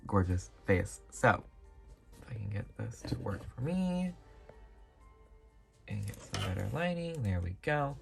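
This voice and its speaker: Low-voiced chatty doll reviewer. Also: gravelly, mellow. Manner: chatty, rambling with frequent asides. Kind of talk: casual product review.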